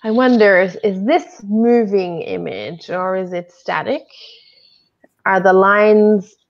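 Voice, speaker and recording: A woman with a New Zealand accent co-hosts a live online lesson, curious and full of questions. Her voice comes through a dull, lo-fi video-call line at a middling pitch. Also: slow pace. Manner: curious, asks many questions, gently guiding. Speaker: English teacher co-hosting a livestream.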